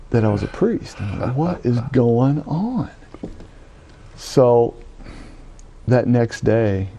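A middle-aged man from Louisiana, a Catholic priest, giving an animated personal testimony and acting out the voices he quotes. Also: medium pitch, vocal fry. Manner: animated storytelling, acts out quoted voices, frequent "right?". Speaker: Catholic priest telling his vocation story.

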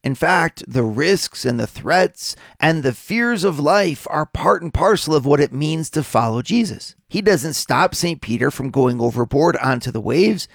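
A man, a priest, giving a measured Sunday gospel reflection and posing questions to his listeners. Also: a little high, animated, creaky, no room sound. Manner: measured, questioning preacher's delivery. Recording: dry studio voice over faint music.

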